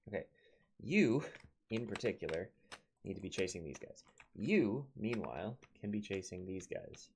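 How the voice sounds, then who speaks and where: Gravelly Minnesotan man playing a game. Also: lowish voice, lively intonation, moderate pace, a little mellow, slight background noise. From Minnesota, United States. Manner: chatty, talks to his units, chuckles often. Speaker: let's play host. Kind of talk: casual gameplay commentary.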